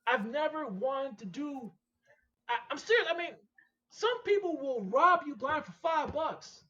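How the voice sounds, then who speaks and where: Emphatic, animated man talking shop. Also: extremely high pitch, unhurried, muffled recording. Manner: emphatic, animated and repetitive, preaching-like. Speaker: podcast guest, machine shop owner. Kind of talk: casual podcast interview.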